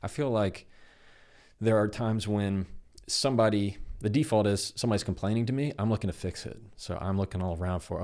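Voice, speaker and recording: A man's voice: lowish voice, fast. A man, a podcast guest, explaining how to handle difficult conversations and acting out bits of dialogue as he goes. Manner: animated, acts out dialogue in quoted voices. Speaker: guest, communication expert. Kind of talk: conversational explanation with acted examples.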